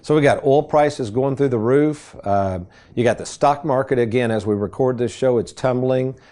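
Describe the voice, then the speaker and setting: A middle-aged man hosting a financial radio show, telling folksy stories in a casual, animated way. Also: mid-range voice, normal speed. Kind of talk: casual radio chat and storytelling.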